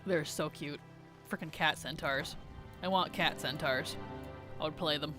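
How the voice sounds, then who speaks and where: A woman streaming a game, chatting casually with viewers, chatty and giggly with animated rants. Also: low voice, unhurried, over music. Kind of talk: casual gameplay chat with viewers.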